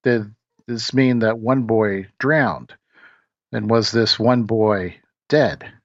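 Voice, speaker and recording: A man's voice: on the low side, slow, no room sound, highs cut off. A man voicing a young boy who leads a group and is frightened and distraught, asking anxious, pleading questions.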